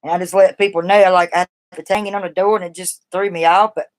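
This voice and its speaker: A woman's voice: fairly low pitch, fairly even intonation, fast. A woman from the East Coast with a Southern accent, chatting casually and rambling on a live stream as she gives advice to her viewers.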